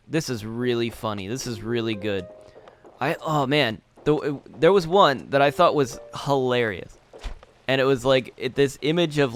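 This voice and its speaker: A man's voice: medium pitch, fairly bright tone. A young man casually commentating over gameplay, rambling, restarting his sentences and laughing often. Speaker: gaming channel host.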